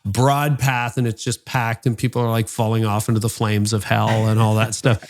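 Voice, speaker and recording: A man hosting a leadership podcast, interviewing a guest in an animated conversational way. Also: on the low side, moderate pace. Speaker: podcast host.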